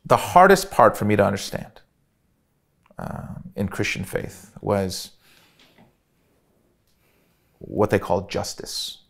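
A middle-aged man telling a personal story in an interview, earnest and reflective, with frequent pauses and restarts. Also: on the low side, sing-song, vocal fry. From Chicago, USA.

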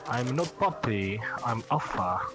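A man's voice: medium pitch, lively intonation, a little slow. Turkish-accented man pleading in game chat. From Turkey. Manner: pleading, repetitive calls for help. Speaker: gamer. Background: game music.

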